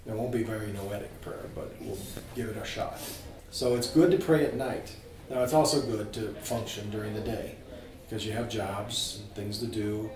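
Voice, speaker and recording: A man teaching a small group about scripture, informal and animated, asking his listeners questions. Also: lowish voice, moderate pace, echoey room, distant mic, background noise. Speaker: priest teaching a catechism class.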